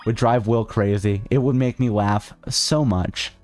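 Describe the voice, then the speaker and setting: A man's voice: fairly low pitch, a little slow, darkish tone. Guy streaming a game, sarcastic and rambly, riffs on the story, faint music under him. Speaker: VTuber streamer. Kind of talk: casual let's-play commentary.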